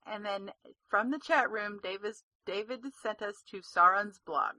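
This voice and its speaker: A woman's voice: mid-range voice, measured pace, bright, forceful tone, dry recording. A woman co-hosting a gaming podcast, chatty and giggly, often trailing off mid-sentence. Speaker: podcast co-host. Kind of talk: casual chat.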